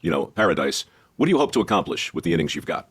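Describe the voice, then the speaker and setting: A man's voice: sits low, very animated, racing, husky. A man hosting an interview, asking questions in a wry, colorful way. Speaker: host. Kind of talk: interview conversation.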